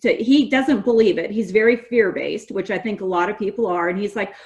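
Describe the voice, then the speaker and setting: Animated middle-aged woman telling stories. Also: medium pitch, brisk, hardly any pauses. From California. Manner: animated storyteller, quotes others in lively voices. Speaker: guest, gas industry association representative. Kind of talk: conversational podcast interview.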